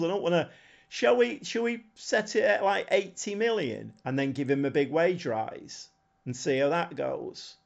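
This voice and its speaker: Male game streamer, higher voice, rambling casual chat, dull lo-fi sound. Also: unhurried, vocal fry. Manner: chatty and rambling, thinks aloud, chuckles often.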